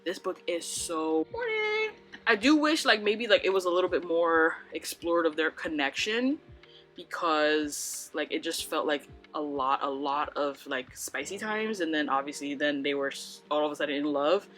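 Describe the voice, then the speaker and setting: Young woman, casual home vlog chat, chatty and rambling, slightly low-pitched. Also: lively intonation, moderate pace, a bit bright, faint music behind. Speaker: book vlogger. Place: home room by bookshelves.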